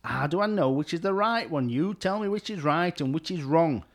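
A man's voice: on the high side, animated, normal speed. A man playing a grumpy, sarcastic caller who keeps losing his temper with a help desk. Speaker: exasperated caller. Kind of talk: comic sketch acting.

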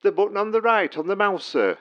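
Playing a polite yet dry, patronizing help desk man for a comedy sketch, he speaks a little fast in a high voice with big pitch swings. The audio is muffled as though heard down a phone line, and his accent is from Stocksbridge, England.

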